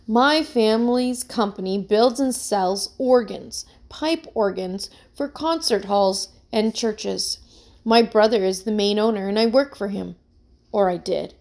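A woman's voice: a little high, a little mellow, close to an everyday voice. A woman voicing an anxious young man, a musician accused of theft, who speaks in an earnest, pleading way in a read-aloud story.

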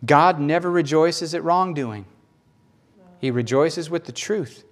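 A man with a Southern American accent preaching a sermon in an animated, playful, emphatic way. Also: fairly high pitch, slow pace.

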